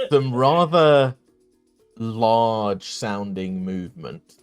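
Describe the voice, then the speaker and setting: Laughing male game master, lively pitch. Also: very slow, soft background music. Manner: laughing, hesitant narration full of fillers. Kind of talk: narrating a tabletop game.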